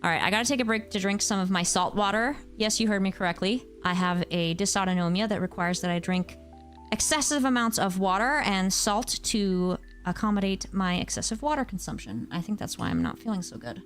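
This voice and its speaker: A woman in her thirties from the United States, chatting casually with her viewers while she plays a game, with animated exclamations. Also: mid-range voice, fairly quick, soft background music. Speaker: game streamer. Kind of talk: casual chat while gaming.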